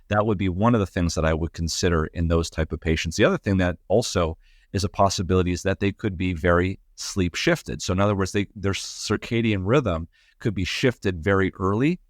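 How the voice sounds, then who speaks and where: A man's voice: deep voice, no room sound, studio quality. A man, a sleep medicine doctor, explaining clinical matters in a radio interview, with frequent fillers.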